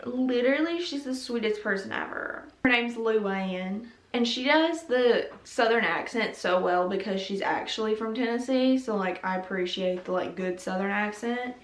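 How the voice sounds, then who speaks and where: A woman's voice: on the high side, normal speed. A young woman hosting a casual video, chatting and giggling about TV episodes with lots of "like". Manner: chatty and giggly, heavy use of "like". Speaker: YouTube host. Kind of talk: casual chat reviewing TV episodes. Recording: roomy echo, mic at a distance.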